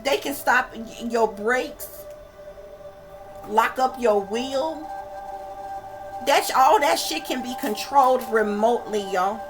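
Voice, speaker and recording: A woman's voice: fairly high pitch, slow pace, long pauses, music in the background, rough recording. A woman hosting her channel, ranting casually to viewers in an emphatic, profane, repetitive way and calling them y'all. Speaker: channel host and psychic reader. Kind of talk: casual rant to camera.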